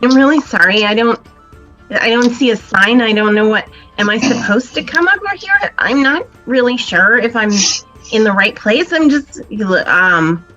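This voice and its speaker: A woman's voice: fairly high pitch, expressive, moderate pace, bright, forceful tone, soft background music. Woman doing a shy little girl gnome, sorry for everything, rambly, kinda muffled dull sound. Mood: flustered. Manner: flustered, apologetic, rambling. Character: shy apologetic young female gnome.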